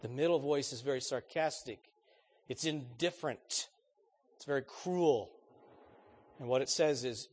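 Husky-voiced man preaching earnestly. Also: medium pitch, unhurried, pauses often. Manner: earnest, conversational, questions the congregation directly. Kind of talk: sermon.

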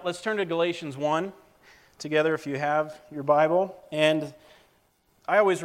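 A man preaching a plainspoken, straight-to-the-point sermon, with frequent fillers and restarts. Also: fairly high pitch. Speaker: lay preacher.

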